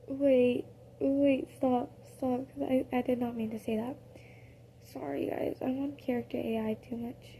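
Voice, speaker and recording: A woman telling an improvised story in a casual, rambling way. She fills it with fillers, corrects herself mid-sentence and drops into soft whispered asides. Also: fairly high pitch, fairly even intonation, measured pace, a little hiss or hum.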